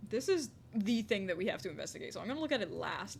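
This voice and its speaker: A woman's voice: medium pitch, big pitch swings, fast talker, creaky, slight background noise. Giggly woman streamer at her desk. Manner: playful, giggly, reads on-screen text aloud. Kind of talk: casual gaming commentary. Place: home desk with a squeaky chair.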